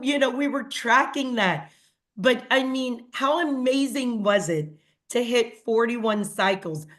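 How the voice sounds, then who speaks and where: Speaking to her sales team as their leader, a woman gives an earnest motivational talk, addressing them directly and acting out retold conversations with a raised voice. Her voice is a little high and a bit bright.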